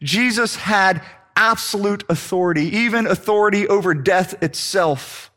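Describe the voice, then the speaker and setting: Male preacher, high-pitched, dramatic sermon delivery with low, slow emphasis. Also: pushed and bright.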